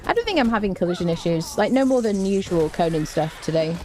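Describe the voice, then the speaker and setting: Woman, gameplay commentary, wry, chatty, mellow tone, faint noise behind. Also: mid-range voice, lively intonation, fast. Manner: chatty, wry, talks to her cat. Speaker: gaming streamer.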